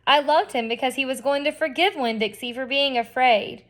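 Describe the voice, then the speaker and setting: A woman's voice: sits high, moderate pace, fairly bright tone. A woman reading a children's novel aloud expressively, with chatty asides to her listeners. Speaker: reader.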